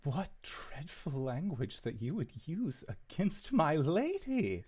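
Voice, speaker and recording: A man's voice: a little high, huge pitch swings, slow, darkish tone, slightly rough, full character voice. A man voicing a pompous, lovestruck male ship captain who speaks in a grand, archaic way. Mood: haughty.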